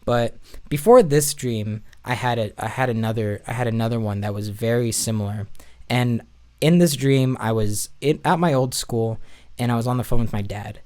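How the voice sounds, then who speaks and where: A man's voice: mid-range voice, normal speed, a little mellow. Man rambling through a dream story. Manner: rambling, with many restarts. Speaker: podcast guest; church musician. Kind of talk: casual storytelling.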